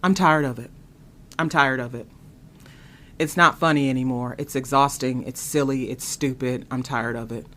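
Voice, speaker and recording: A woman hosting her own show, giving opinionated commentary in an exasperated, animated way, full of rhetorical questions. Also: very deep voice, moderate pace. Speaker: host.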